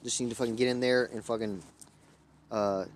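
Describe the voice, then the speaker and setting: A man's voice: medium pitch, steady tone, a little fast, a little hiss or hum. A young man from Louisiana hosting a livestream, talking in a rambling, profane, erratic way that jumps between topics. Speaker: livestream host. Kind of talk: rambling casual livestream chat.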